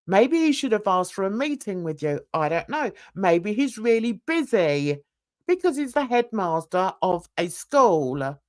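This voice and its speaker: A woman's voice: medium pitch, sing-song, a little slow. A woman hosting a drama commentary show, giving emphatic, scornful opinions. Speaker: host.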